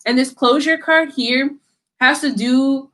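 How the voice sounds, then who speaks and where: A woman's voice: high-pitched, slow pace, a bit bright. A woman giving a casual tarot reading to camera, talking in a blunt, slangy, scolding way and swearing freely. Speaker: tarot reader.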